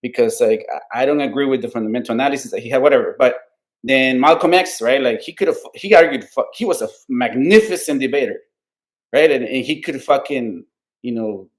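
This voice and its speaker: A man's voice: medium pitch, brisk. A man co-hosting a casual political podcast, talking earnestly and at length, swearing freely and tagging nearly every point with "right?". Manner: earnest, rambling, heavy swearing, constant "right?" tags; heartfelt, openly emotional about his values. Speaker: podcast co-host.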